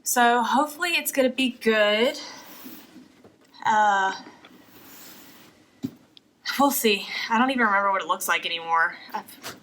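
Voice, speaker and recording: A woman's voice: medium pitch, measured pace, long pauses, sharp tone, slight background noise, poor audio. A young woman vlogger chatting casually through an unboxing at home, a little out of breath and rambling with fillers. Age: young adult. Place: apartment.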